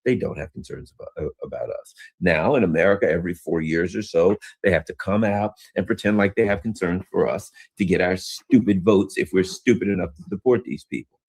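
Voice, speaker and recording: A man's voice: low voice, a little fast, vocal fry, hardly any pauses, a little mellow, husky. A man hosting a solo commentary stream, ranting in a heated, emphatic way, stumbling and restarting often, tired and yawning. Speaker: political commentary host.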